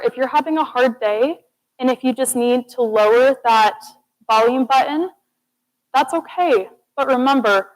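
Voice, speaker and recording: Young woman, student presenter, warm and earnest, lightly high-pitched voice, rallying the audience. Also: rough recording. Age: young adult. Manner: earnest, encouraging, addresses audience as "guys". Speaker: student speaker. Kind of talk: TED-style presentation. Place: classroom or lecture hall.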